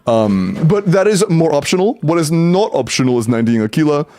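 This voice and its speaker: A man's voice: fairly high pitch, animated, a little fast, warm tone. A man streaming live, casually talking through game account advice and answering chat, loose and rambling with some swearing.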